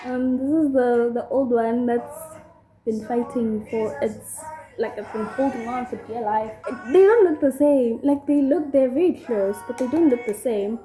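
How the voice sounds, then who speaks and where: A woman's voice: fairly high pitch, normal speed, mellow, faint music behind. A young woman with a South African accent tells a personal story in a chatty, rambling way while doing her makeup, with lots of fillers. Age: young adult. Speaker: vlogger. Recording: echoey room.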